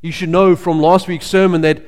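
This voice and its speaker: A male pastor preaching a sermon in a conversational storytelling way, pausing with frequent fillers. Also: high voice, level tone, darkish tone. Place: church sanctuary. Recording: long reverb of a church hall.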